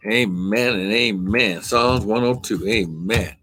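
A man's voice: fairly low pitch, slow pace, fairly bright tone. A man preaching a live-streamed sermon, fervent and full of "amen" and "glory" exclamations, who talks to viewers while looking up his verses.

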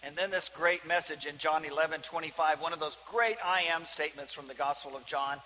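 A man preaches with a high, piercing voice, pushing some lines out loudly and dropping others to a hush. His words ring out in a long church reverb. A faint hiss sits under the recording. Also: a little fast. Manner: dramatic swings from loud emphasis to hushed near-whispers. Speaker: pastor. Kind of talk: sermon.

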